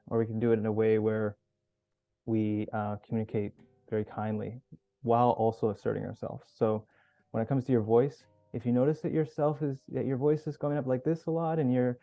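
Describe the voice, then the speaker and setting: A man hosting a group video call as coach, teaching in a relaxed, casual way. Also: mid-range voice, no room sound. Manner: relaxed, casual, swears now and then. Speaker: workshop host and coach. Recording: dull lo-fi call audio with faint music.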